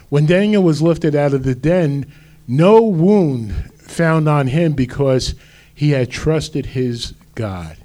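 A man preaching a sermon as pastor, slow and deliberate with emphatic rises. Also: mid-range voice, warm tone.

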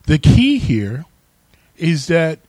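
A man's voice: fairly high pitch, huge pitch swings, very slow, dark tone, dry recording. A man preaching a sermon as pastor, emphatic and calling on the congregation to respond.

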